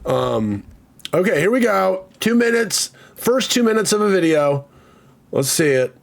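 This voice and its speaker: A man's voice: sits high, very animated, measured pace, gravelly. A man streaming casually, rambling and joking about himself, swearing freely and reading out chat comments.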